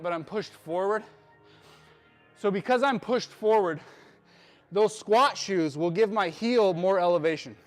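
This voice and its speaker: High-voiced coach explaining over music. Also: male voice. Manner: explanatory, checks in with frequent "right?". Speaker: fitness coach. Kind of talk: live workout instruction.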